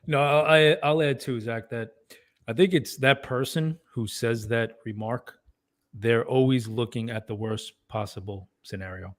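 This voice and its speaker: A man's voice: medium pitch, measured pace. A man co-hosting a fatherhood podcast, earnest in casual chat and stacking up mocking examples. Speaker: podcast co-host.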